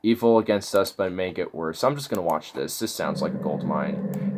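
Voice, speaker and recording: A man with a fairly low voice talks through someone else's videos in a casual, sneering way. He swears often and sounds openly incredulous at what he finds. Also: normal speed, a little mellow, a little hiss or hum. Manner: mocking, incredulous, swears a lot. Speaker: commentator reacting to videos. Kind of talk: casual reaction commentary.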